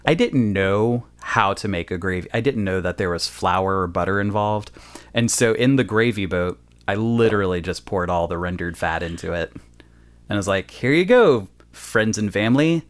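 A man's voice: sits low, moderate pace, smooth. A man hosting a podcast, chatting casually and joking around with silly asides. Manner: playful, jokey, breaks into silly voices and rhymes. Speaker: podcast host. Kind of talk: casual chat.

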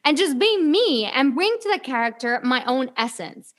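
A woman from Mexico, an actress, chatting casually from a home studio, animated and full of filler words. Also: high-pitched, moderate pace. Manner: animated, lots of "like", acts out quotes. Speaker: actress, podcast guest. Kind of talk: casual chat. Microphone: home studio mic, video call.

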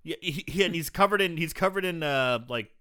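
A man's voice: a little high, a little fast, sharp tone, clear, resonant tone. A man in casual chat, retelling a horror movie's scenes with swearing and jokes. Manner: swearing, joking, retells scenes in put-on voices. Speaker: podcast co-host.

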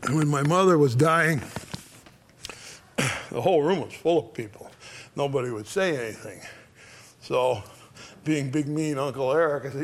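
Older man telling folksy stories. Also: medium pitch. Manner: folksy, plain-spoken, gentle with frequent pauses. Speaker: speaker on death and dying. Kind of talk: casual storytelling talk.

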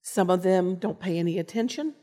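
An older woman giving a personal storytelling sermon, earnest, with pauses and restarts. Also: fairly low pitch, warm tone. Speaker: lay preacher and teacher. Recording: long reverb of a large hall.

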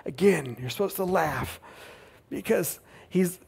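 A man preaching a sermon, retelling a Bible story with lively emphasis and quiet asides. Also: high voice, takes it slowly, creaky, husky. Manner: animated storytelling, swings between loud emphasis and quiet asides. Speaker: pastor.

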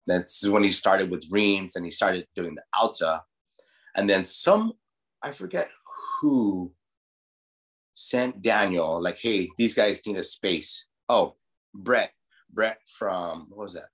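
A man from Guam with a slightly low voice tells stories in a laid-back interview. His speech is loose and profane, and he fills it with "like" and "you know." He sounds like a restaurant owner talking shop. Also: slow, a bit bright. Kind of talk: casual storytelling interview.

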